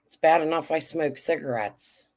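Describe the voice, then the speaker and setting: A woman with a fairly low voice hosts a casual livestream. She talks bluntly and swears often as she answers her chat. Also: moderate pace, darkish tone. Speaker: livestream host.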